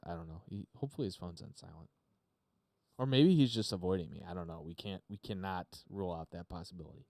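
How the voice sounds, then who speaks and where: A man's voice: sits low, darkish tone, dry recording. A man hosting a podcast, chatting unscripted on a live stream from his home studio, rambling with lots of fillers and casual swearing. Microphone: desk mic through a mixer.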